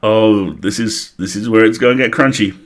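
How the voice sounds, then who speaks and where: A man's voice: fairly low pitch, moderate pace. A man reading a comic parody story aloud on a live stream, playful, stopping now and then to laugh and comment.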